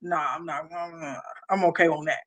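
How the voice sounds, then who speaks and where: A woman's voice: deep voice, steady tone, normal speed, fairly bright tone. A young adult woman co-hosting a casual chat, playful and slangy, with big laughs. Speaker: podcast co-host. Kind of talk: casual banter.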